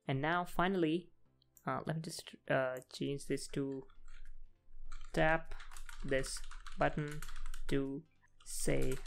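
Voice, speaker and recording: A man with a clean, slightly high voice runs a casual screen-recorded programming tutorial. As he types, he walks through every coding step, often using fillers.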